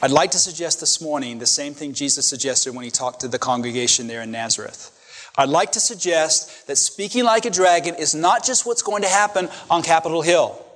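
A man preaches a sermon in a church sanctuary, his voice a touch high for a man. He drives points home with rhetorical questions and repeated phrases. The hall carries a long reverb behind every word. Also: lively intonation, a little fast, fairly bright tone. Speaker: pastor.

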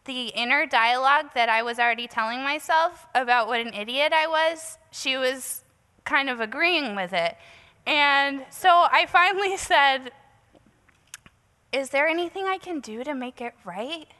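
Woman speaker, bright and a touch high-pitched, casual self-deprecating sermon storytelling; recorded in a hall with long reverb. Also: expressive, measured pace, clean tone.

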